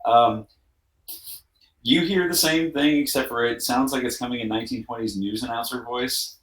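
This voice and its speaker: A man narrating a tabletop game as game master, speaking at a middle pitch. He talks in a relaxed way, with frequent fillers and laughs. His voice rings in an echoey room. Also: moderate pace.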